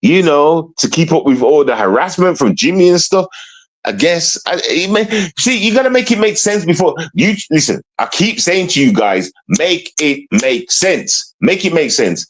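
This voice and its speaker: A man's voice: a little high, lively intonation, moderate pace, low-quality recording. A young man chatting casually to his livestream viewers, rambling and mock-sad, calling out to everybody again and again.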